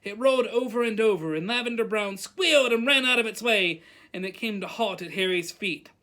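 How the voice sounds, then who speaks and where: This storytime reading of a novel comes from a librarian who speaks a little fast in a mid-range voice. She stays animated throughout and calls out the characters' dialogue.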